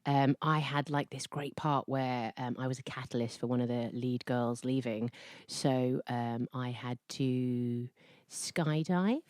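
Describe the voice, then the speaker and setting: A woman's voice: a bass voice, fairly even intonation, a little slow, a little mellow, dry recording, clean studio sound. A woman being interviewed as an actress guest, bubbly and giggly, telling stories with playful put-on voices. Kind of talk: casual interview chat.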